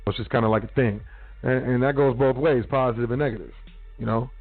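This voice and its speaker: A man's voice: mid-range voice, fairly even intonation, brisk, creaky. A man hosting a radio talk show, lecturing his listeners bluntly with street slang and profanity. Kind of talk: casual solo radio talk. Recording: phone-quality radio line with faint music.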